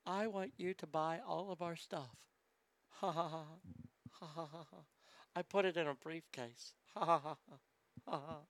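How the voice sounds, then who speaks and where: A man putting on a soft, mocking voice to play a smug celebrity woman selling her products, with forced laughter. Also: a little high, fairly even intonation, moderate pace, long pauses, poor audio.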